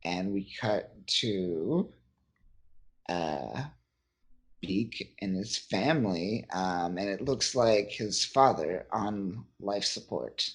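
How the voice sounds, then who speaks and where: A man's voice: sits low, lively intonation, takes it slowly, slightly rough. A man co-hosting a podcast, casually recapping a comic in a rambling, profane way and quoting the characters as he goes. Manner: rambling, profane, recaps scenes with quoted voices. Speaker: podcast co-host. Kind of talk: casual comic book chat.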